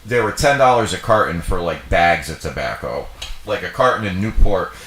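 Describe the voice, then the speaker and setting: A man's voice: low-pitched, animated, moderate pace, fairly bright tone. A young man co-hosting a livestream, chatting casually in a rambling way full of fillers and swearing. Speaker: livestream co-host. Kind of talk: casual chat. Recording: echoey room.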